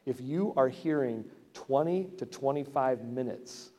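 A man's voice: medium pitch, measured pace, mellow. A man preaching a sermon to his congregation, talking in a conversational way that climbs to emphatic peaks. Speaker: pastor. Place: church sanctuary. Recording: long hall reverb.

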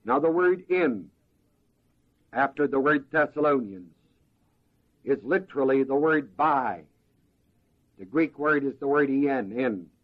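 A man preaching a slow, deliberate verse-by-verse sermon as pastor, pausing to ask the congregation to fill in words. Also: medium pitch, animated, narrow, tinny audio.

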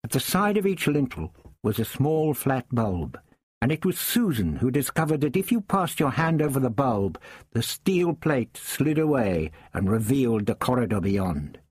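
A man reading a first-person story aloud in a measured, understated way. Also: medium pitch, big pitch swings, darkish tone, slightly rough, dry recording. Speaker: audiobook narrator.

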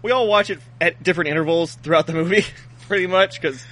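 Male podcast co-host, high and bright, rambling jokey chatter. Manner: joking, rambling, halting. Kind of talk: casual chat.

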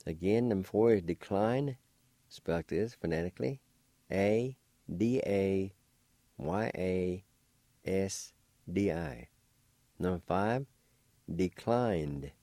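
A deep-voiced man gives a radio language lesson, sounding each syllable out with careful patience. His tone is warm and mellow, and the recording is dry and close. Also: expressive, no echo. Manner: slow, deliberate, spells out syllables. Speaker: language teacher and radio host.

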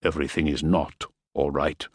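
A man's voice: a bass voice, level tone, moderate pace, slightly rough, no room sound, studio quality, voice pushed down. A man doing a curt, nervous fixer. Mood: stern. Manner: clipped, urgent orders. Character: nervous, sweating middle-aged male fixer, curt and commanding.

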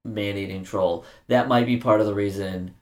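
A man's voice: fairly low pitch, fairly even intonation, normal speed. A man co-hosting a casual podcast, joking around and rambling with lots of fillers and restarts. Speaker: podcast co-host.

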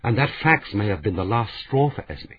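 A man voicing a sharp, sardonic middle-aged woman who needles the others, as a narrator reading a novel aloud. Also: fairly low pitch, expressive, moderate pace, slightly rough. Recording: tinny phone-like sound.

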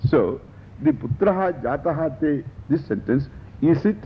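A man's voice: expressive, measured pace. Man with lecturing on scripture. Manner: explains Sanskrit terms in English, repeats key phrases. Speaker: Vedanta teacher. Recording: dull lo-fi lecture recording with faint rumble.

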